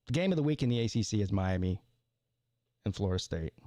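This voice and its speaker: A man's voice: lowish voice, animated, fast talker, warm tone, no room sound. A man hosting a live sports call-in stream, rambling casually with stammered restarts and repeated words.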